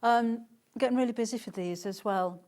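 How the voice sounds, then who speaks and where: A woman's voice: on the high side, normal speed, a little mellow. A middle-aged woman presenting fabrics on a live sales show, chatting and gushing with lots of restarts.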